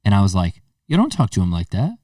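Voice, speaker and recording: A man's voice: sits low, fast, no room sound, studio quality, recorded from a distance. A man in his thirties hosting a podcast, telling a story casually and acting out the voices in it. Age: 30s. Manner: animated storyteller, acts out quotes. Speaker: podcast host.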